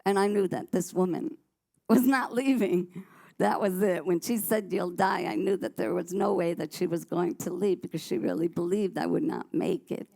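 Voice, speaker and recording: A woman's voice: on the low side, normal speed, creaky, dark tone. A woman sharing her personal testimony on a church talk show, telling her story vividly and animatedly, often restarting her sentences.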